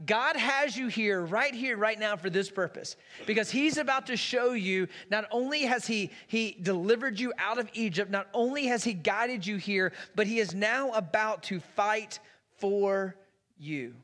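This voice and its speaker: A man voicing a calm, trusting eighty-year-old leader who reassures his frightened people. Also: high voice, measured pace. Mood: reassuring. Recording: long hall reverb.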